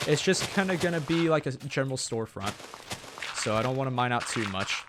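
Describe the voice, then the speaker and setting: A man's voice: mid-range voice, animated, fairly quick, very noisy. A young man from Tennessee with a Southern accent, rambling and joking casually while he plays a game and comments on it, with a sore throat. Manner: rambling, chatty, self-joking. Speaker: gaming channel host. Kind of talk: Let's Play gameplay commentary.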